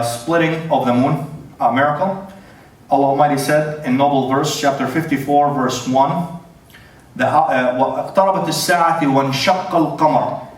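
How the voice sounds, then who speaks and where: A man giving an opening statement in a debate, halting and full of fillers and restarts. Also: medium pitch. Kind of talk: formal debate presentation. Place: large church hall. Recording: very echoey hall, distant mic.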